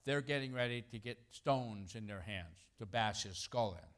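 A middle-aged man preaching a sermon in a conversational, animated way, acting out quotes and chuckling between points. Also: on the low side, normal speed.

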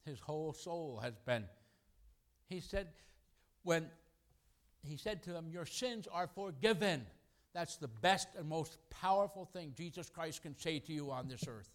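A middle-aged man preaching a sermon in a conversational, animated way, acting out quotes and chuckling between points. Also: on the high side, measured pace.

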